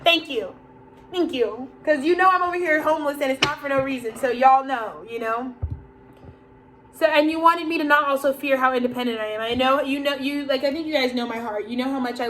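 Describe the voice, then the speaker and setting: A woman's voice: fairly high pitch, fairly bright tone, slight background noise, low-quality recording. A woman giving a rambling, profane spoken tarot reading, laughing often and acting out the people she quotes. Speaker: tarot reader.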